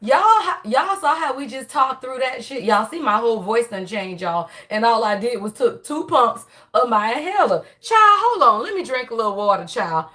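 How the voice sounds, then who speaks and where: A woman hosting a casual spiritual reading livestream, talking to viewers in an animated, chatty way with a tired, strained voice. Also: on the high side, moderate pace, few pauses. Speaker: spiritual reader and channel host.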